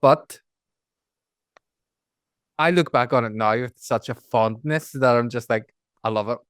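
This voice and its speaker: A man's voice: mid-range voice, unhurried, fairly bright tone, no room sound, studio quality. A man with a Belfast accent hosting a podcast, chatting casually and rambling with lots of "like" and asides. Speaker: podcast host.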